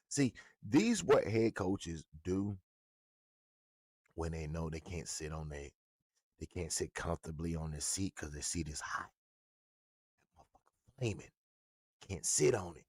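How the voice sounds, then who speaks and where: A man's voice: low voice, no room sound. A man ranting with profane, mocking, confrontational commentary about a football coach. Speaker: sports commentator.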